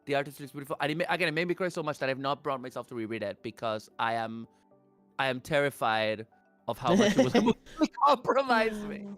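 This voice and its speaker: Smooth-voiced man, halting and rambling. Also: on the high side, big pitch swings, a bit bright, no room sound, soft background music. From Argentina. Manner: rambling, halting, with many restarts. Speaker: stream guest. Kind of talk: casual chat.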